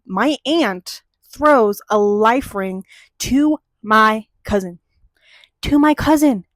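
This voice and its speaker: A young woman hosting a chat show, telling a childhood story in a casual, animated way and swearing freely as she gets heated. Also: on the high side, slow pace, no room sound.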